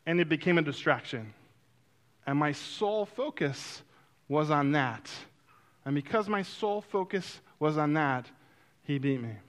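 A man telling a personal story in a sermon-like way, acting out quotes and then turning soft and reflective. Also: a little high, a little slow. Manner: animated, acts out quotes, drops to a soft reflective tone.

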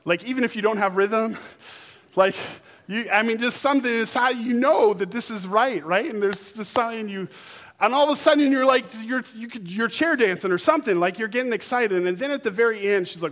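Animated high-voiced male preacher. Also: a little fast. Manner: animated, conversational preaching with bursts of shouting. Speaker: pastor. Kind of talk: sermon. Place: church sanctuary.

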